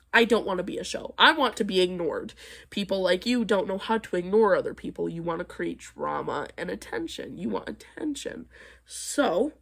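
A woman's voice: on the low side, a bit bright. A young woman vlogging, reacting to comments in a blunt, sarcastic way and laughing between her points. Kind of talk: casual vlog commentary.

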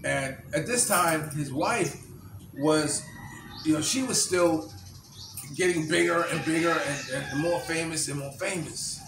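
A man casually retelling a movie plot for his channel, in halting speech full of "you know" and restarts. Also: on the high side, vocal fry, noisy background. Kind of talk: casual storytelling. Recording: roomy distant recording, birds chirping.

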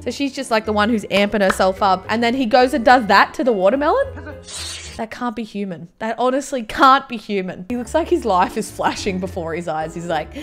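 A woman's voice: mid-range voice, animated, fairly quick. A young woman doing chatty, mock-dramatic reaction commentary as a YouTuber.

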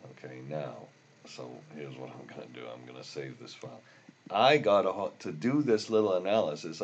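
An older man teaching a software tutorial while recording his screen, rambling and grumbling about bugs as he works. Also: extremely low pitch, highs cut off, slight background noise. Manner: rambling, easily frustrated, grumbling asides. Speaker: instructor.

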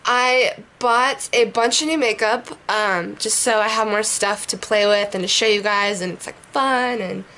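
A young woman, hoarse from a sinus infection, chatting casually through a makeup tutorial in her bedroom, rambling and swearing now and then. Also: mid-range voice, measured pace, few pauses, bright, forceful tone. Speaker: beauty vlogger. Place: bedroom at home.

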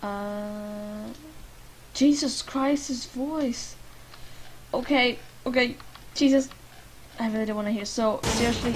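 A woman from Lithuania with a Lithuanian accent, giving chatty gameplay commentary and talking to the game characters, at times muttering and at times loudly protesting. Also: a little high, fairly even intonation, slow, long pauses. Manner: chatty, talks to the game characters, swings from mumbling to loud protests. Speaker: gaming YouTuber. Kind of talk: life-sim gameplay commentary. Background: faint game music.

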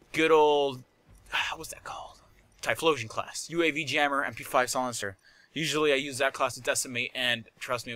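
A man doing live commentary over his gameplay, rambling and chatty, prone to shouting, laughing and swearing. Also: mid-range voice, a little hiss or hum. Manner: excitable, shouts and laughs at in-game moments. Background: game gunfire and explosions.

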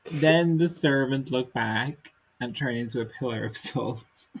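A man's voice: mid-range voice, a little slow, breathy edge, rough recording. A man co-hosting a podcast, reading a comic text aloud and dropping dry, wry asides. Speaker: podcast co-host.

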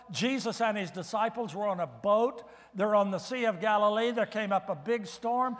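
An older man preaching a sermon in a fairly high voice, mixing scripture with folksy, humorous stories. The sound carries a long church reverb. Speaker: guest preacher. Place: church sanctuary.

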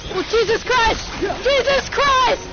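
Excitable, foul-mouthed woman gaming streamer, unhurried and high-pitched. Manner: excitable, swears often, self-mocking. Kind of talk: let's play reactions. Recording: slightly dull stream audio with game music. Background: game music.

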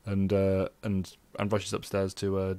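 A man's voice: low-pitched, monotone, measured pace, dark tone, clear, resonant tone, no echo. A man co-hosting a casual book discussion podcast, rambling with many restarts and fillers. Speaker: podcast co-host.

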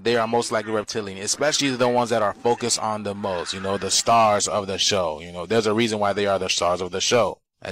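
A man's voice: on the low side, a bit bright, no echo. A man making a conspiracy video, insistently pointing out details and urging viewers to look.

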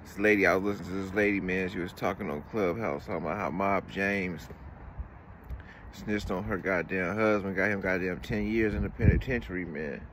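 A man's voice: deep voice, steady tone, fairly quick, a bit bright, slight background noise. Heated profane man ranting. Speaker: commentary vlogger. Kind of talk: casual rant.

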